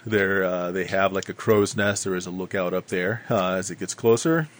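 A man narrating a tabletop game as game master, in a measured way with many filler pauses. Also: deep voice, noisy background.

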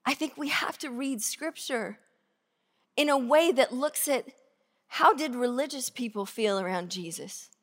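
A woman pastor giving a sermon, earnest and conversational, slowing down to stress key phrases. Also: high-pitched, in a large hall. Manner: earnest, conversational preaching with slow emphatic phrases. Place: church sanctuary.

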